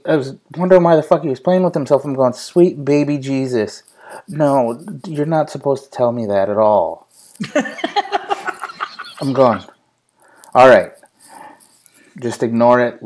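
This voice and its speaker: A man's voice: mid-range voice, darkish tone. A young man hosting a casual live show, telling a funny family story with plenty of swearing and laughter. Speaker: host.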